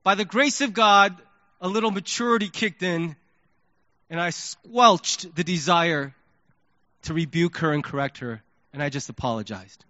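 A pastor preaching, his voice high and bright and animated as he tells a story. The sound is dry and a little dull, a lo-fi sermon recording. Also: measured pace, no room sound. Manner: animated storytelling, acts out his own thoughts.

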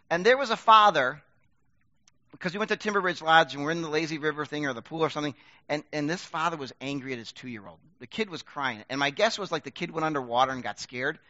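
A middle-aged man preaching a sermon in a conversational, self-deprecating way, swinging from loud bursts to hushed asides. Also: high-pitched, dry recording, lo-fi sound. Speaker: pastor.

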